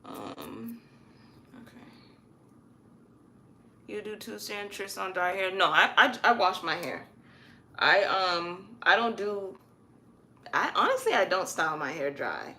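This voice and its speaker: A woman chatting casually on a live stream while styling her own hair at home, animated and stretching words out for emphasis. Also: fairly low pitch, slow pace, pauses often, a little hiss or hum.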